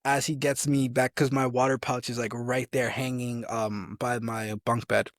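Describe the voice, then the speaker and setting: A man's voice: medium pitch, level tone, normal speed, no room sound, studio quality. Young man telling army stories. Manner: rambling, restarts, acts out quotes. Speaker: army soldier guest. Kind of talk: casual storytelling interview.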